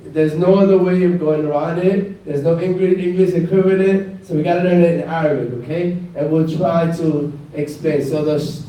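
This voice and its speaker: In a classroom, a man with a Northeastern US accent teaches Arabic letters, calling out each name for students to repeat in a slow, repetitive lesson. His mellow voice is a little high, with fairly even intonation, normal speed, and hardly any pauses. The recording catches him from a distance in an echoey room.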